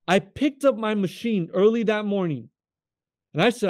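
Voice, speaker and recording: A young man from California telling his faith testimony as an interview guest, animated and acting out the voices of the people in his story. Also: sits high, moderate pace, dry recording, clean studio sound. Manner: animated, acts out quoted voices, addresses the host by name often.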